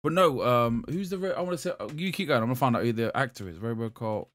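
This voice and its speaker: A man's voice: medium pitch, lively intonation, fast talker, fairly bright tone. A man, a podcast co-host in casual chat, rambling with lots of fillers. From Europe. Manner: rambling, full of "like" and "um".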